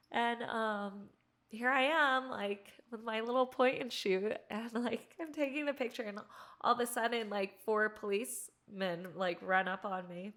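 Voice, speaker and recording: A young adult woman who is a podcast guest, telling stories casually. She talks in an animated way, laughs often and says "like" a lot. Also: on the high side, moderate pace. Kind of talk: casual storytelling.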